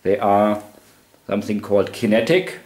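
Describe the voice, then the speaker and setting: A man's voice: lowish voice, darkish tone, echoey room. A man from Germany with a German accent, giving a casual, matter-of-fact first-impression review in English as a cycling blogger. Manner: plain, matter-of-fact, slow and careful in English.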